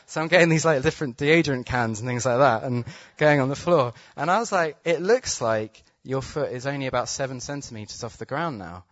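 A man preaching, telling a healing story with excited laughter, then praying with urgent declarations over the crowd. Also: medium pitch, fairly quick, hardly any pauses, dry recording. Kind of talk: testimony storytelling and healing prayer. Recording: dull, slightly muffled sound.

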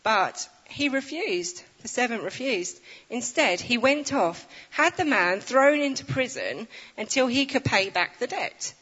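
A woman giving an informal, chatty sermon, reading scripture aloud with animated storytelling and self-deprecating asides. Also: on the high side, unhurried, few pauses, slightly rough. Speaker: preacher. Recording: reverberant, dull lo-fi sound.

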